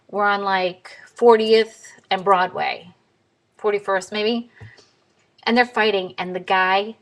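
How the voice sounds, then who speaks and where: A woman tells a story to camera in a casual vlog. She is blunt and swears freely. Her delivery is animated, with a lot of back-and-forth. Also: medium pitch, low-quality recording. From New York. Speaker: vlogger.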